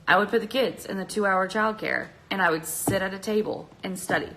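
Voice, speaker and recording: A woman's voice: mid-range voice, brisk, a bit bright, slight background noise, low-quality recording. A young woman chatting on a phone livestream, nervous and chatty, laughing often. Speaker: vlogger on a livestream. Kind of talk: casual livestream chat. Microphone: phone at arm's length.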